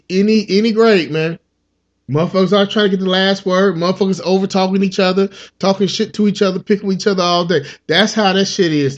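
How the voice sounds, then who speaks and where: A man hosting a comedy podcast, riffing in an animated, profane monologue. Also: sits high, lo-fi sound. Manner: animated, profane, slips into character voices.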